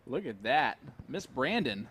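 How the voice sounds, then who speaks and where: A man's voice: medium pitch, very animated, unhurried, fairly bright tone, a little hiss or hum. Playful man calling darts. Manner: playful, teasing banter with a young guest. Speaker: darts commentator. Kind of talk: casual live-stream commentary.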